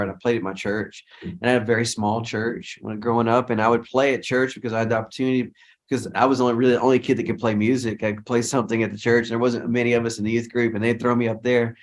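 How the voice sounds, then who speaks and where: A middle-aged man, a guest worship leader, telling stories in a casual interview in a rambling way, with many restarts and quoted dialogue. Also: mid-range voice.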